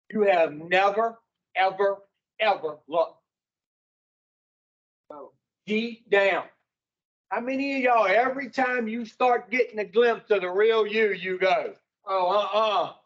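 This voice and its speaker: High-voiced, slow folksy recovery speaker. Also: male voice, muffled recording. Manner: folksy, asks the group rhetorical questions. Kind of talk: preaching talk to a recovery group.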